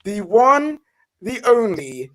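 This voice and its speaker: Hyped high-voiced man hosting. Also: sing-song, slow pace. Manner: hyped, slangy, shout-outs. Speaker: host. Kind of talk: casual podcast chat.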